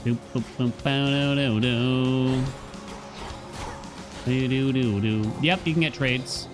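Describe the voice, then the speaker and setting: A man's voice: medium pitch, a little slow, music in the background. A man casually commenting on his gameplay as a streamer, chatting to viewers and humming along. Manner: laid-back, chatty, addresses chat, hums along. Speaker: game streamer.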